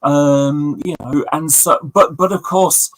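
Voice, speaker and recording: A man with a somewhat high voice wanders through a long story, pausing on fillers and doubling back over his words. He talks in a relaxed, chatty way on a livestream with friends. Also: dry recording, rough recording. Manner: rambling, storytelling with many fillers. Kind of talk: casual chat.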